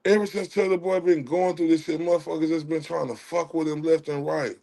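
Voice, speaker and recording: A man hosting a livestream, ranting in a heated, profane way and swinging between loud outrage and quiet apologies. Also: on the high side, steady tone, brisk, vocal fry. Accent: Southern US. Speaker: livestream host.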